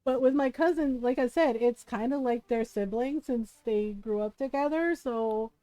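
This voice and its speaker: A woman streamer chatting casually while she plays a game, laughing often and retelling a story with lively quoted voices. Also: fairly high pitch, normal speed, dry recording. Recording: dry close mic with faint game music.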